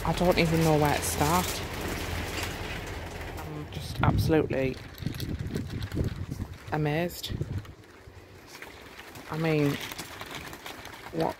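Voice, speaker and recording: A home gardener, chatting casually through a vlog walkthrough inside a warm polytunnel, with frequent amazed exclamations. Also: mid-range voice, flat delivery, slow pace, long pauses, noisy background.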